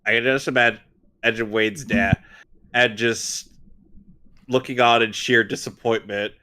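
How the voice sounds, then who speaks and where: A man's voice: mid-range voice, steady tone, normal speed, sharp tone, slight background noise. A man co-hosting a watch-along show, reacting with mocking, crude commentary. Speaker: podcast co-host. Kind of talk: casual riffing commentary.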